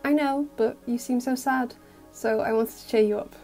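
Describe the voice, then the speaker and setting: A woman's voice: on the high side, steady tone, moderate pace, a little mellow, faint music behind, natural voice. A woman voicing a caring, slightly flustered teenage girl in an audio fic reading.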